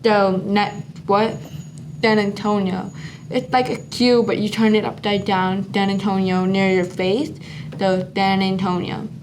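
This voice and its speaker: A teenage girl teaching sign language step by step, talking slowly with many pauses and fillers. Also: mid-range voice, little pitch movement. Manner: slow, halting instructions with lots of "like". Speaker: student sign language presenter. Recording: noisy room.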